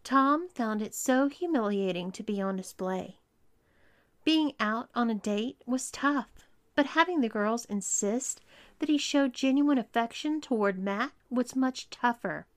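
Woman reading an erotic story aloud, slow and steady, kinda high voice. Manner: slow, even storytelling delivery. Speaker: erotica reader. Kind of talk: scripted story narration.

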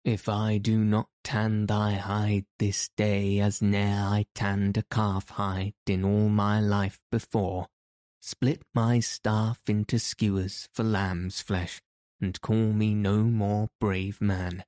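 A man plays a stubborn craftsman who won't be cowed and fires back defiant old-fashioned retorts. The voice is low and mellow, delivered slowly in a flat, even line, recorded close and dry. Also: no echo. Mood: heated. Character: stubborn, fearless grown male tanner.

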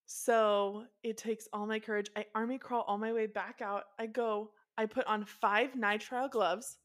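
A woman in her thirties, co-hosting a podcast in casual chat and telling a story with lively acted-out quotes. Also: a little slow. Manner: animated storyteller, acting out quotes with big pitch jumps. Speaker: podcast co-host.

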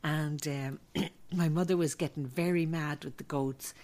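Irish woman, low voice, chatty and laughing a lot as she tells old family stories. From Ireland. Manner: animated, laughing often, quick asides. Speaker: podcast host. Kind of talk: casual storytelling.

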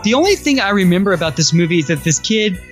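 A man's voice: sits high, very animated, fast talker, faint music behind. A man co-hosting a casual movie podcast, talking with easygoing enthusiasm and restarting his sentences as he goes. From Austin, Texas. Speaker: podcast co-host.

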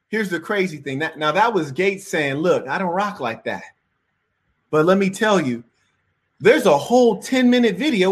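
A man giving reaction commentary in a preachy, moralizing way. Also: high voice.

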